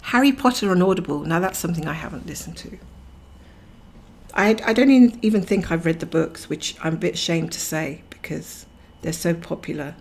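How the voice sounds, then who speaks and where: A woman's voice: on the low side, expressive, a little fast, a little mellow. A woman hosting a cross-stitch livestream, chatting casually and rambling while she greets viewers by name and laughs often.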